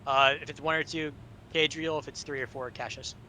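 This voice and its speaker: Bright-voiced man running a tabletop game. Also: fairly high pitch, brisk, a little hiss or hum, rough recording. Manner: relaxed, hesitant with fillers. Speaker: game master.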